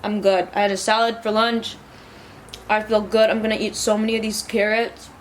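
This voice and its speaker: A woman's voice: mid-range voice, level tone, moderate pace, a little hiss or hum. A young woman chatting casually to her viewers in a rambling vlog. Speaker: vlogger.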